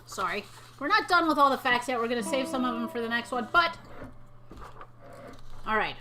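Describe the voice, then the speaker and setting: A woman's voice: on the high side, expressive, normal speed, long pauses, over music. A woman co-hosting a playful show, chatting and reading facts aloud with mock drama. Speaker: co-host. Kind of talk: casual chat.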